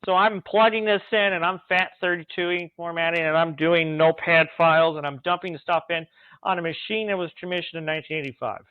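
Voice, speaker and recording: A man, an automation engineer, telling work stories in a casual interview, animated and laughing now and then. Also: a little high, fairly quick, clear, resonant tone, no room sound. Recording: tinny phone-like remote call line.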